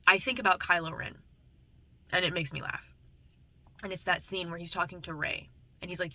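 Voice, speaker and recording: A young woman vlogging in a loose casual chat, shifting between gentle comfort and cussing rants. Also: fairly low pitch, fairly even intonation, moderate pace, pauses often, no echo. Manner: loose and playful, drifting between tender comfort and profane rants. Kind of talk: casual heartfelt chat to camera.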